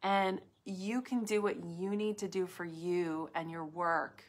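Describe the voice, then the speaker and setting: A woman speaking to viewers in a live talk about inner calm, in soft, reflective phrases full of "like" and pauses, sometimes dropping to a whisper. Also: on the low side. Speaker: wellness speaker.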